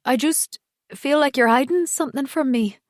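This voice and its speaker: A woman's voice: high-pitched, normal speed, dry recording, clean studio sound, pitched above the performer's own voice, lightly acted. Woman voicing a suspicious, hurt wife. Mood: accusing. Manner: anxious, accusing, pleading.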